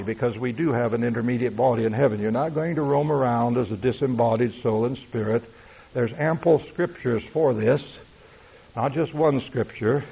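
A man preaches an emphatic sermon, teaching scripture and pausing on rhetorical checks with his listeners. His voice is gravelly and husky. The recording sounds dull and lo-fi. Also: medium pitch, a little mellow. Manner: emphatic, rhetorical asides like "you see?" and "all right?".

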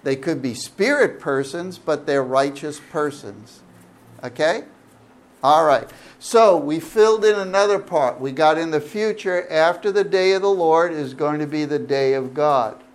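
Middle-aged male pastor, slightly higher voice, slow and deliberate, teaching Scripture and quizzing the room. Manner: asks the audience questions, animated. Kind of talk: Bible study sermon.

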